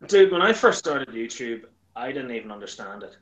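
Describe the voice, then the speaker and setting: Man, casual chat, lively storyteller, mid-pitched voice. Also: fairly quick, poor audio. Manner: animated storyteller, acts out quoted lines in a higher voice. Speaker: YouTuber guest.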